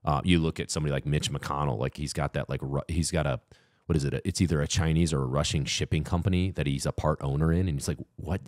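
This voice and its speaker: A man co-hosting a podcast, talking politics in a heated, profane way that climbs into loud mock rants. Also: extremely low pitch, steady tone, fast, dry recording. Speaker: podcast co-host. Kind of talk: casual political chat.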